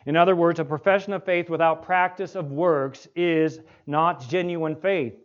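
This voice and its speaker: A male pastor preaching an expository sermon, asking the congregation rhetorical questions and slowing down to stress key words. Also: a little high, fairly even intonation. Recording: dull lo-fi recording.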